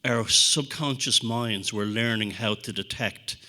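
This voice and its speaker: A man giving a talk to an audience, telling stories in an animated, profane way and acting out quotes. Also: fairly low pitch, a little slow. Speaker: speaker at a talk. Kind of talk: anecdotal public talk to an audience.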